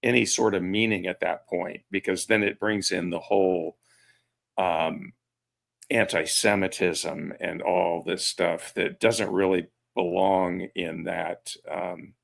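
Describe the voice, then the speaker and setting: A man's voice: deep voice, flat delivery, slow, creaky. A man as a guest in casual chat, hesitant and searching for words.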